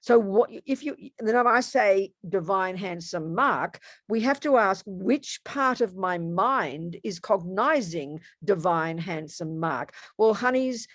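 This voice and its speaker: A woman teaches Buddhist philosophy in a relaxed, talkative way, with playful asides and quick self-corrections. Her voice sits at a middle pitch. The sound is dry and close, with no room echo. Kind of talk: casual dharma teaching talk. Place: home room.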